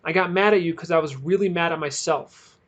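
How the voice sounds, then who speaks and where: A battered teenage boy speaks with earnest, pained sincerity, his voice a touch higher than the reader's own. A man acts him out while reading a storybook aloud. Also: a little fast, fairly bright tone, muffled recording, lightly acted. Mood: earnest remorse.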